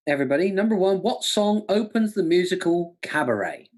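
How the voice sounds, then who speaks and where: Playful husky quiz host man. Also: sits high, lively intonation, brisk, a little mellow. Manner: jokey, playful, laughs often. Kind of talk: casual quiz hosting.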